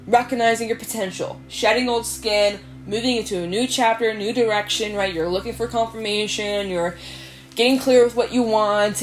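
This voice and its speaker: A woman reads tarot cards for her viewers in a loose, chatty way, with her pitch sitting mid-range for a woman. Soft music plays faintly underneath her voice. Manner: chatty, fillers like "y'all", laughs often. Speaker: tarot reader. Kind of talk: casual tarot reading to camera. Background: soft background music.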